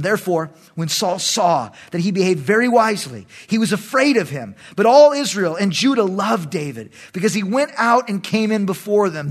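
Pastor, male, high-pitched, reads the text then drops into casual, joking side comments. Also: a bit bright. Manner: reads scripture aloud, breaks off for casual asides and jokes. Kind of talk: Bible study reading with commentary.

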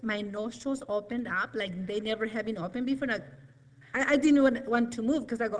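A woman's voice: a little high, fairly even intonation, fast talker, low-quality recording. A middle-aged woman giving a nervous, rambling, emotional personal testimony in church.

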